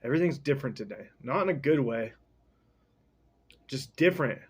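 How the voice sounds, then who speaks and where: A man hosting a podcast, casually recapping and reading a novel with slangy, rambling, deadpan asides. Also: mid-range voice, normal speed, long pauses, husky.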